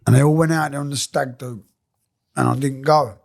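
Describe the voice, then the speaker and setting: A former scaffolder and boxer appears as a podcast guest, telling work stories in casual banter packed with slang, swearing, and laughter. His medium-pitched voice is gravelly and brisk, with fairly even intonation.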